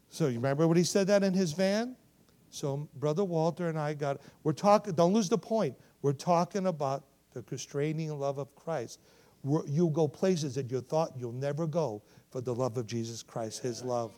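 A missionary preaches a sermon in church in a fairly high voice at normal speed, telling his story in animated bursts. He gets loud at the high points and hushed at the tender ones, often asking the audience whether they remember.

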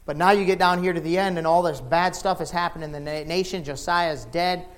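A middle-aged male preacher with a high voice delivers a sermon in plain, folksy language. He drops low and quiet, then climbs into impassioned shouting. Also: steady tone, brisk. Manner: folksy, informal phrasing.

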